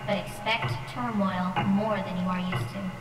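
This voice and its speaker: A woman voicing a mysterious, calm female guide in a game, who speaks slowly and cryptically. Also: medium pitch, lightly acted. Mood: cryptic. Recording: echoey distant voice in a hall, loud game noise.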